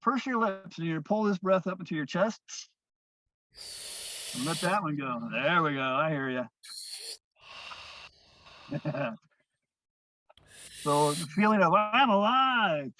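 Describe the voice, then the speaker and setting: A man teaching breathwork, guiding listeners through breaths in a slow, soothing way that often trails off softly. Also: fairly high pitch, slight background noise. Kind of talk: guided breathing instruction. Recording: dull, lo-fi dry sound.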